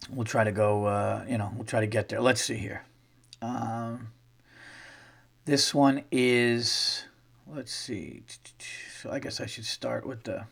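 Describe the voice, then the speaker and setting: A man hosting a podcast, telling a rambling, profane, animated story in casual talk, his voice worn from getting sick. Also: mid-range voice, creaky, slightly rough. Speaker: podcast host. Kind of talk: casual comedic storytelling monologue.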